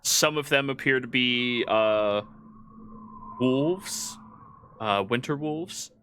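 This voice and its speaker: A man runs a tabletop game as game master, and his voice is bright and forceful. He narrates in a halting way, full of fillers. Faint room noise sits behind him. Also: mid-range voice.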